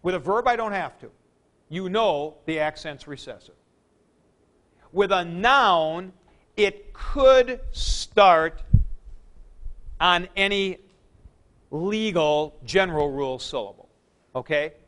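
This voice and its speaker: Slow, with long pauses and lively intonation, this man's high, fairly bright voice carries a classroom grammar lecture. He walks through each step plainly, draws homespun comparisons, and keeps checking that students follow.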